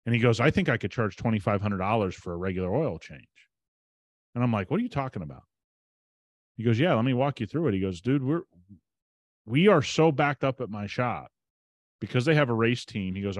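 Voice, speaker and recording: A man's voice: mid-range voice, lively intonation, brisk, no room sound. A man hosting a podcast, telling a story in a casual, emphatic way and retelling conversations as quoted dialogue. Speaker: podcast host.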